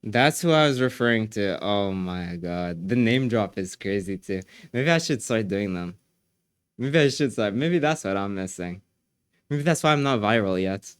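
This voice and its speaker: A man's voice: lowish voice, expressive, normal speed, clean tone, no room sound, studio quality. A man streaming live, chatting casually with his viewers, joking, laughing often and filling his talk with "like".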